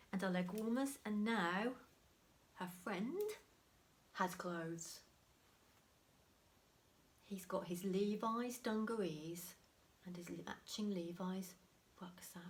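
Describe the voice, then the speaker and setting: A middle-aged woman hosting her own crafting channel at home, chatting casually with many ums and soft laughs. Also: mid-range voice. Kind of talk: casual chat.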